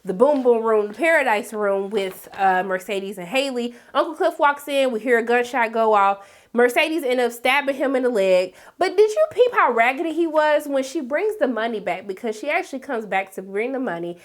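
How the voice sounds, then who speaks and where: Sassy, animated woman recapping a show. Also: on the high side, normal speed. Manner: sassy, dramatic, talks straight to viewers with repeated "okay?". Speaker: TV recap host.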